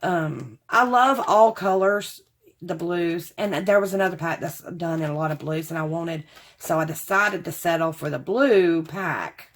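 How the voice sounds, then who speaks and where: A chatty woman in her forties, talking casually to viewers in a rambling, homey way. Her voice sits a little low for a woman. She keeps addressing her audience as y'all. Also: a little slow. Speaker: craft haul vlogger. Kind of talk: casual chat to camera.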